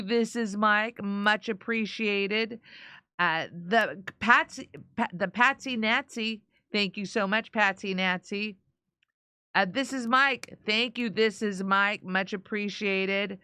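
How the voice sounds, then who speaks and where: A woman's voice: mid-range voice, pushed and bright, clear, resonant tone, no echo. A woman co-hosting a livestream, reading viewer comments and names aloud in a playful, joking way. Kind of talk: reading live chat on a stream.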